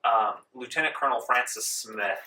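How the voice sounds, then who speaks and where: A man narrating as game master in a tabletop game, relaxed, with many ums, in a library meeting room. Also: medium pitch, moderate pace, slight background noise. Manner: relaxed, full of ums, laughs along. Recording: roomy echo, distant mic.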